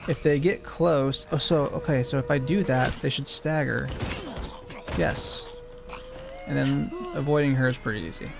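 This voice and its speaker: Casting: male streamer, gravelly voice, casual speedrun commentary, talks to himself, loops on phrases. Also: medium pitch, unhurried. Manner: thinking aloud, repeating phrases, self-correcting.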